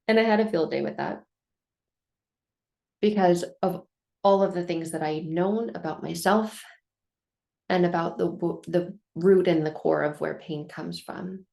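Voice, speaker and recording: A woman's voice: on the low side, unhurried, creaky, pauses often, mellow. A middle-aged woman tells a personal story from her life and draws a lesson from it, in an earnest, emphatic way, repeating phrases for effect. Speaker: vlogger telling a life lesson.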